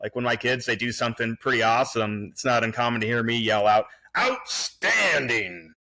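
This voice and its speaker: A man in his forties talks with a bright, forward tone, mid-range in pitch. He rambles casually, full of fillers and restarts, as a guest on a remote podcast. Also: little pitch movement, fast. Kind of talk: casual reminiscing conversation. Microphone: remote recording.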